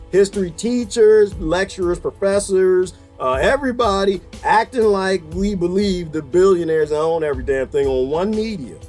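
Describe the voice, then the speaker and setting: A man delivering an exasperated comedic rant to camera, laughing often as he goes. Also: fairly high pitch. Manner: animated, exasperated ranting with frequent laughter. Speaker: vlogger.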